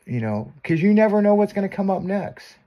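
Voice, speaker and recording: Crude laughing man, lively pitch. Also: brisk, dull audio. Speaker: show host. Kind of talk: casual profane chat show banter.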